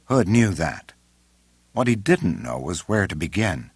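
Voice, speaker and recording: Deep husky male audiobook narrator. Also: very animated, no echo. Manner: measured, unhurried. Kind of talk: scripted narration.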